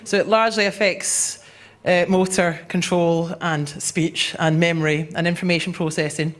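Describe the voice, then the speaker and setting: A woman's voice: lowish voice, fairly even intonation, normal speed. A woman doing a stand-up set, dry and self-deprecating. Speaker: stand-up comedian.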